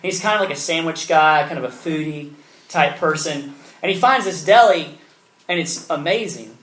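A man preaching a sermon in a relaxed, conversational way, telling a story with many casual fillers. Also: a little high, normal speed, reverberant, rough recording. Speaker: pastor.

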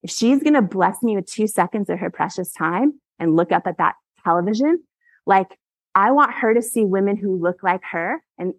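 A woman in her forties giving a motivational keynote on stage, telling stories with animated delivery and frequent laughter. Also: mid-range voice, no room sound. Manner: animated, laughs often, acts out quotes. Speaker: keynote speaker. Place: event stage.

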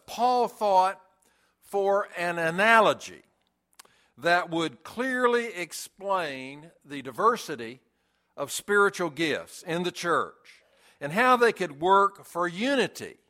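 Slow, deliberate preaching man. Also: high voice, animated, sharp tone. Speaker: pastor. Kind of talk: sermon.

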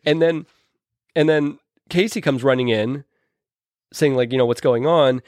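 A man's voice: a little high, measured pace, dry recording, studio quality. Rambling, enthusiastic man in casual chat. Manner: rambling, many restarts, enthusiastic. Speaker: podcast host or guest discussing films.

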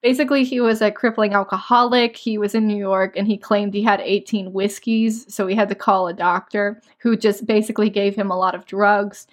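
A woman's voice: medium pitch, flat delivery. Young woman co-host, casual book talk, dry sarcastic asides. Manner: sarcastic, quick asides with frequent laughs. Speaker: podcast co-host. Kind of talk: casual book discussion chat.

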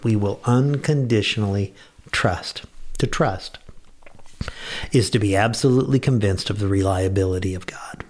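A man's voice: mid-range voice, darkish tone. A man delivering a short devotional radio message, earnest and conversational, with bursts of enthusiasm. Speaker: pastor.

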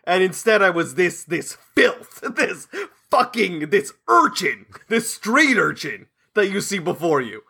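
A man's voice: high voice, sing-song, a little slow, gravelly, few pauses, pushed and bright, breathy edge. A young man on a podcast, ranting in a self-mocking way, laughing and swearing often as he complains. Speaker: podcast co-host. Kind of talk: casual podcast banter.

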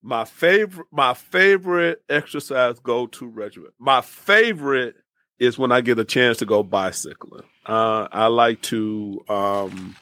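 A man's voice: medium pitch, a little slow, no room sound, studio quality. Laughing man guest on a podcast. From Michigan. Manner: warm, laughing, stammers and restarts. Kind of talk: casual interview chat.

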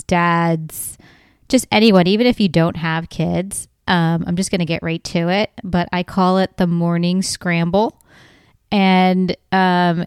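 A woman's voice: fairly low pitch, darkish tone, clear, resonant tone, dry recording, studio quality. A woman hosting a comedy podcast, talking in a chatty, exasperated way and laughing often. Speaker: podcast host. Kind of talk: casual comedic monologue.

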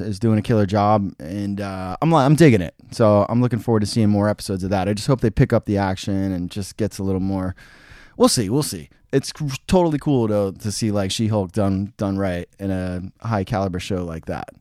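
A blunt, opinionated man talks casually through his reviews, swearing as he goes. His voice sits low, and the recording is dry and close with no room sound. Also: fairly quick, mellow, no echo. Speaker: podcast host.

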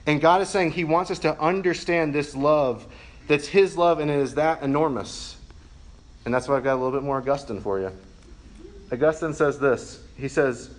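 A man in his thirties preaching a sermon in a conversational, humorous way, with quick asides to the congregation. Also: on the high side, fairly bright tone, slight background noise. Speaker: pastor.

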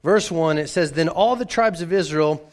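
A man's voice: a little high, moderate pace. A man who is a pastor, preaching in a conversational way and often repeating words as he restarts. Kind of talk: sermon with a personal story.

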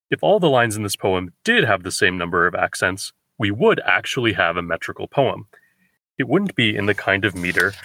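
A man hosting a poetry podcast, giving a measured, explanatory lecture on verse and slowing down to read lines aloud. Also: lowish voice, bright, forceful tone, dry recording.

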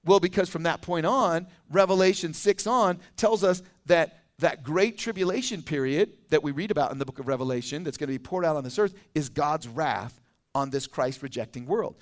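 A male pastor preaching an expository sermon in a conversational, animated way, with casual asides between readings. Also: on the high side, moderate pace. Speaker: teaching pastor. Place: church.

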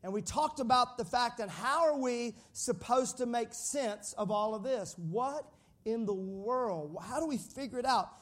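A man's voice: extremely high pitch, moderate pace, few pauses. A pastor preaching a sermon, joking with the congregation and calling out for them to repeat his words. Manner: lively, joking with the congregation, calls for responses.

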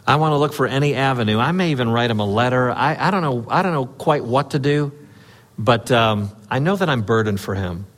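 A man's voice: mid-range voice, lively intonation, fairly quick, fairly bright tone. A man preaching a conversational sermon as pastor, telling a personal story with earnest urging and frequent fillers.

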